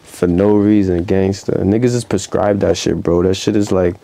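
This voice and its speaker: Young New York man, dark mellow tone, casual storyteller who acts out quotes loudly. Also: sits low, fairly even intonation, normal speed, gravelly, a little hiss or hum. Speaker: rapper guest. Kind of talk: casual interview chat.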